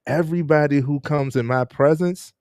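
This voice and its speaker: A man's voice: a little high, moderate pace, darkish tone, dry recording, studio quality. A man hosting a casual live-stream interview, laid-back and laughing often as he greets viewers. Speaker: host.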